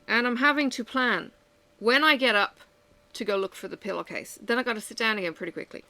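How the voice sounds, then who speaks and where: A woman's voice: a little high, moderate pace, pushed and bright. A woman chatting at home while she works on a craft, venting candidly about her day with frequent sighs. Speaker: vlogger. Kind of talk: casual chat while crafting.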